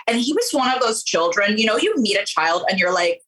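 A woman who works as a preschool teacher, chatting casually and telling animated stories in which she acts out voices. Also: medium pitch, a little fast, rough recording. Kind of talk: casual chat.

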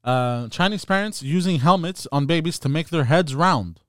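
Hesitant man with a clear voice. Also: fairly high pitch, animated, normal speed, fairly bright tone, dry recording, studio quality. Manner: hesitant, full of ums and uhs. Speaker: podcast co-host bringing stories. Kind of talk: casual chat.

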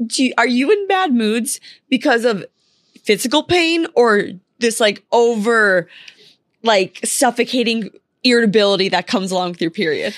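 A woman's voice: a little high, expressive, measured pace, dry recording, clean studio sound. A young woman co-hosting a podcast, talking candidly in casual chat and saying "like" a lot. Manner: candid, chatty, heavy use of "like". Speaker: podcast co-host.

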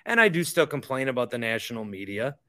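A man's voice: medium pitch, sing-song, fast talker, bright, forceful tone. A young man hosting a sports podcast, ranting in a heated, repetitive way in casual talk. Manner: heated, ranting, repeats himself. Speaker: podcast host.

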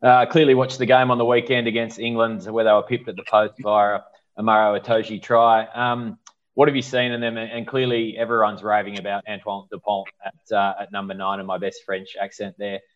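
Man, sports host, low voice, chatty questions, muffled recording. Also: level tone, a little fast. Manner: conversational, questions panelists by name. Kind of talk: sports talk hosting.

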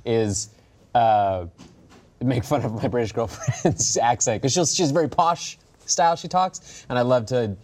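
A man's voice: mid-range voice, unhurried, darkish tone. A man co-hosting a casual gaming podcast, joking around and often hesitating mid-sentence. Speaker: podcast co-host.

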